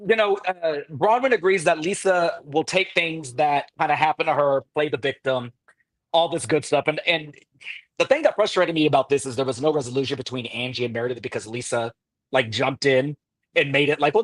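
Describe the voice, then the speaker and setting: A man hosting a casual reality TV recap podcast, telling the story in an animated way and laughing often. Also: on the high side, dry recording. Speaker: podcast host.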